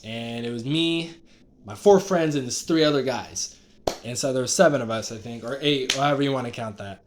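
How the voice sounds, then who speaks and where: A man with a fairly high voice tells a story in a casual, rambling way. He gets excited, trips over his words and restarts his sentences often. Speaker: vlogger. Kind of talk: casual storytelling, recounting dreams.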